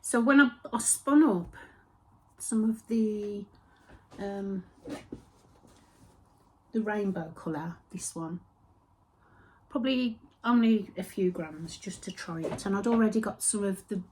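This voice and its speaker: A woman hosting a crafting podcast, chatting casually and rambling, with soft whispered asides. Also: medium pitch. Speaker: host of a knitting and spinning podcast. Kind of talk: casual chat.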